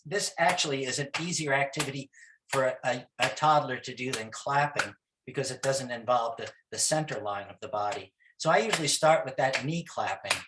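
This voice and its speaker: A man giving a talk on music for young children, in a halting, chatty way with many restarts and sudden loud rhythmic chanting demonstrations. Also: medium pitch, noisy background. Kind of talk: informal lecture with chanting demos.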